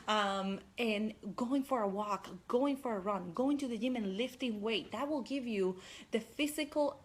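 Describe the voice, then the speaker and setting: Energetic woman coaching viewers live. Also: fairly high pitch, moderate pace. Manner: energetic, chatty, addresses viewers directly. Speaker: life coach. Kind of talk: live-streamed motivational talk.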